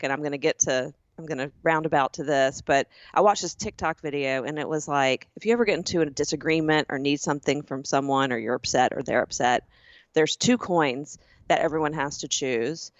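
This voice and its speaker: A woman from the southern United States co-hosting a casual podcast chat, telling stories with lively acted-out quotes. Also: deep voice, dry recording, lo-fi sound. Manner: animated storyteller who acts out quoted people. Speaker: podcast co-host.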